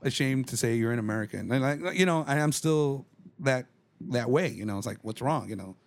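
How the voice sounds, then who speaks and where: Fast-talking man telling road stories. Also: medium pitch, gravelly. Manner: animated, swears freely, acts out quoted people. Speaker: podcast guest. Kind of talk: casual storytelling chat.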